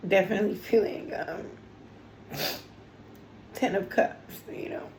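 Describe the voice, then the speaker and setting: A woman's voice: medium pitch, steady tone, takes it slowly, a little mellow, reverberant, a little hiss or hum, poor audio. A woman giving a casual tarot reading on her channel, talking in an emotional, chatty way with lots of fillers, teary as she goes. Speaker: tarot reader.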